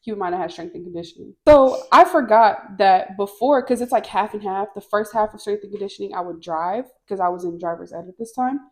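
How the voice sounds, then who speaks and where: A young woman telling a wild story in casual chat, swearing freely and loudly acting out the people she quotes. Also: mid-range voice, a little fast, few pauses. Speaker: podcast co-host.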